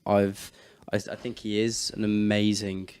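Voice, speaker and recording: A man's voice: on the low side, little pitch movement, unhurried, darkish tone, smooth, no room sound, clean studio sound. A British man co-hosting a podcast in casual chat, rambling and hesitant, often laughing. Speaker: podcast co-host.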